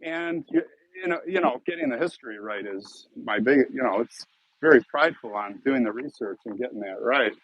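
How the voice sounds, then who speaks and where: His mid-range voice is very animated, a little fast, fairly bright and husky. A Chicago-accented YouTube host, he rambles chattily with live-stream viewers and thanks donors, captured without echo and with the highs cut off.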